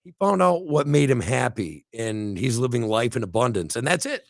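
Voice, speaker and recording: A man's voice: medium pitch, big pitch swings, moderate pace, creaky, no room sound, studio quality. A middle-aged man co-hosting a casual talk show, rambling and preachy, acting out little quotes as he goes. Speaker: podcast co-host. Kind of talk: casual motivational chat.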